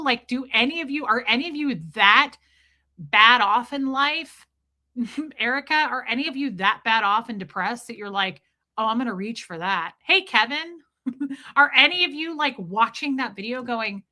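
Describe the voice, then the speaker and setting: Woman livestream host, bright voice, somewhat high pitch, chatty, animated. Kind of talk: livestream chat commentary.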